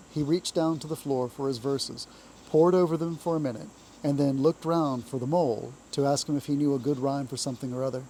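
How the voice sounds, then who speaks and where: A man reading a classic children's story aloud in a calm, measured storytelling voice. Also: on the high side, slight background noise, rough recording.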